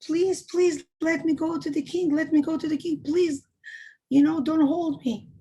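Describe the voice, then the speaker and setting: A woman's voice: on the high side, little pitch movement, a little slow, warm tone, slight background noise, close to an everyday voice. A woman voicing a frightened young orphan boy who begs through tears. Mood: pleading. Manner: tearful, begging.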